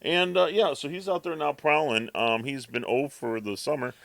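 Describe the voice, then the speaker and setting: A man's voice: on the high side, fairly even intonation, moderate pace, creaky, a bit bright, no room sound. A man co-hosting a podcast, telling a long, rambling story in casual chat and acting out his cat's thoughts. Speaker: podcast co-host.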